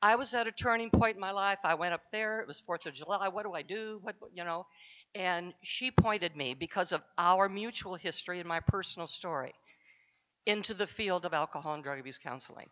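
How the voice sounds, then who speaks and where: A woman's voice: fairly low pitch, a little fast, fairly bright tone. A woman counselor giving a heartfelt acceptance speech, speaking directly to the audience. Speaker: award recipient, counselor. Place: conference luncheon hall. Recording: dull sound in a large echoing hall.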